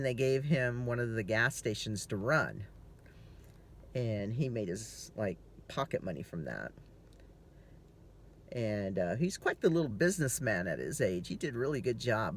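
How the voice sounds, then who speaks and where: A tired middle-aged man vlogs from his car, rambling through casual stories, swearing freely, and laughing easily. His voice is medium-pitched, with a little hiss or hum in the recording.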